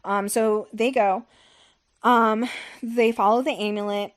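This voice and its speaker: Chatty young woman, slightly high voice. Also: steady tone, slow pace. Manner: rambling and profane, with many fillers like "like" and "um". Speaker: podcast host recapping a novel. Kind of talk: casual chat.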